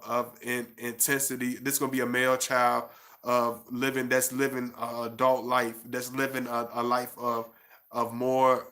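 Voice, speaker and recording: Male stream host, bright tense tone, level monotone delivery, halting casual chat, hushed readings. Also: medium pitch. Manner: halting, with many restarts while chatting; slow and hushed when reading his prose. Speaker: author and channel host.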